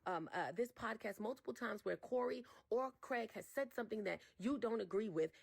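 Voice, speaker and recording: A woman's voice: a little high, fairly quick, creaky, few pauses, a little mellow. Direct, urging woman on a podcast. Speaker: podcast commentator. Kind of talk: podcast discussion.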